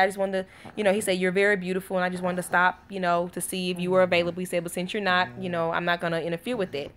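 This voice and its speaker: A woman vlogging from home in a loose, chatty storytelling voice, speaking straight to her viewers. She sounds worn out after a sleepless night, yet keeps talking in an easygoing, conversational way with a middling pitch. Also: fairly bright tone. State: tired from little sleep. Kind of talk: casual chat to viewers.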